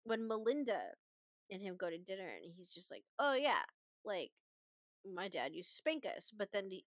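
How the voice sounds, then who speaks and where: A woman's voice: mid-range voice, moderate pace, no room sound. A woman co-hosting a casual podcast, chatty and swearing, quoting people as she talks. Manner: chatty, swears freely, quotes people in lively voices. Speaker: podcast co-host. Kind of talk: casual movie discussion.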